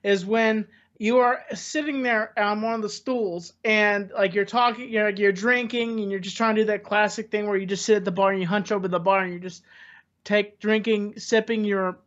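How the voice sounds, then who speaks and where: A man's voice: sits high, fairly even intonation, normal speed, fairly bright tone. A man talking as a podcast guest in casual chat, rambling and hesitant with many restarts. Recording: dull lo-fi audio.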